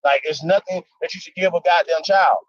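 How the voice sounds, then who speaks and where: High-voiced emphatic man on a dry, dull line. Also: brisk, no echo. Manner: emphatic, slangy, full of rhetorical questions. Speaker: guest on a livestream. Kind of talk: casual heated debate talk. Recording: dry, dull lo-fi stream audio.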